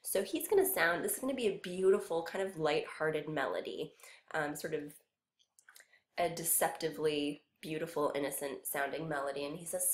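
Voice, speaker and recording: A woman with a fairly low voice gives a music lesson, explaining each point patiently and step by step. Her voice carries a roomy echo. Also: normal speed, a little hiss or hum. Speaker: music teacher.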